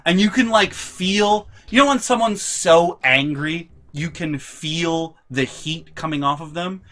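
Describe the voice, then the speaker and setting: A young man vlogging a storytime, telling family anecdotes in an animated, sweary, casual way. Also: on the high side, unhurried. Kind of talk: storytime vlog.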